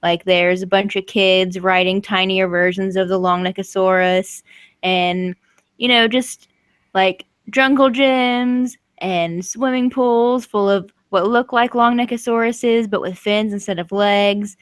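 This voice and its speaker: A woman's voice: medium pitch, steady tone, a little slow, clean tone, no echo. A woman running a tabletop role-playing game as game master, narrating the scene in a chatty way and laughing often.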